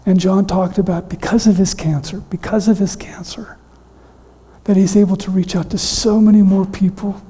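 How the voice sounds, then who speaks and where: A middle-aged man preaching a sermon in a weakened, hoarse voice. He speaks with emotion, haltingly, and often drops to a whisper. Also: high voice, mellow. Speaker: pastor. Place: church sanctuary. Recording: reverberant church hall.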